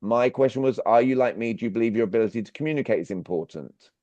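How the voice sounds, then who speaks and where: A fast-talking man with a medium-pitched, slightly mellow voice runs an online sales workshop, speaking directly and questioning his listeners persistently. The recording is dull, dry video-call audio.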